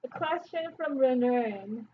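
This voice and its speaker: A woman's voice: lively intonation, slow, husky. A woman co-hosting a casual question-and-answer chat, chiming in with short, agreeable remarks. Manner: brief, agreeable interjections. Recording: muffled low-fidelity audio with faint background hiss.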